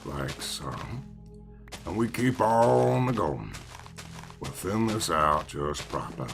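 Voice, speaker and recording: A male streamer with a low, gravelly voice drifts through sarcastic, rambling gameplay chatter. He talks slowly, his pitch swings widely, and faint music sits underneath. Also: very animated. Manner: sarcastic rambling self-talk. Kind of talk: casual gameplay commentary.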